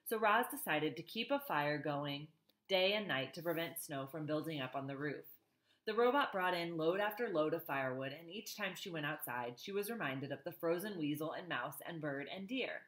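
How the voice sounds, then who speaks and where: A woman's voice: low voice, lively intonation, moderate pace. A woman reading a novel aloud, stopping for chatty asides to her listeners. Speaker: reader.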